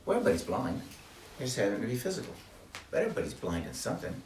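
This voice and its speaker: A man's voice: on the low side, wildly swooping pitch, racing, a little mellow, reverberant, distant mic, slight background noise. An older man giving a testimony talk to a small group, earnest and preacherly, repeating his key phrases. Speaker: ministry speaker.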